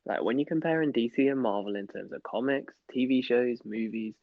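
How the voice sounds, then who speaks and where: Guy on a chat podcast, excitable and sweary, muffled dry lo-fi mic. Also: mid-range voice, a little fast, no echo. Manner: laughs a lot, excitable, swears. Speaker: podcast co-host. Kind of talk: casual banter podcast.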